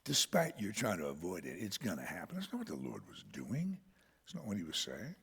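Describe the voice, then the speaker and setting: A male pastor preaching a sermon, swinging from shouts to whispers and laughing often. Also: sits low, huge pitch swings, a little fast, husky, long reverb tail. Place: church sanctuary.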